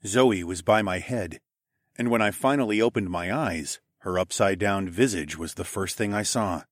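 A male audiobook narrator telling a first-person fantasy story with expressive delivery. His voice sits on the low side. The recording is dry and close. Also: moderate pace, dry recording.

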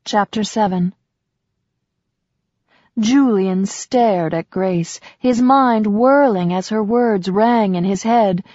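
A woman narrating an audiobook in a measured, even storytelling manner. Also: medium pitch, no echo, highs cut off. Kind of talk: scripted narration.

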